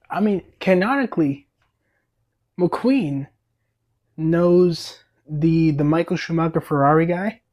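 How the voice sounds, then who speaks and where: A man's voice: a little high, slow, pauses often, lo-fi sound. A young man hosting a read-aloud of a picture book, enthusiastic, with stammering restarts and laughing asides. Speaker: storybook reader, channel host.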